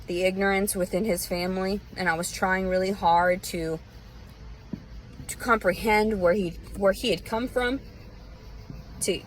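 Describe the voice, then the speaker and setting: A woman's voice: medium pitch, slight background noise, poor audio. A woman with a Southern US accent ranting bitterly and profanely in a rambling, unscripted monologue. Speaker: vlogger. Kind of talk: unscripted personal rant.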